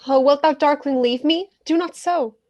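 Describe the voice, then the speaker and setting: A woman's voice: high-pitched, normal speed, a little mellow, dull audio, close to an everyday voice. A woman playing the lovelorn young Helena, speaking verse with pleading emphasis in a community theatre reading.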